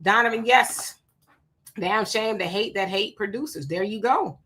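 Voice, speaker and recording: A woman's voice: mid-range voice, measured pace, a bit bright, breathy edge. A woman hosting a casual livestream, greeting viewers by name and chatting about their comments with rhetorical questions and asides. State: sweating. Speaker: livestream host.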